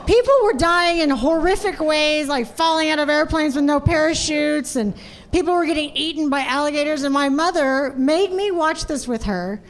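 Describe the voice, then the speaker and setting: A woman's voice: high-pitched, moderate pace. A woman doing a stand-up comedy set on a club stage, telling stories animatedly and imitating her family.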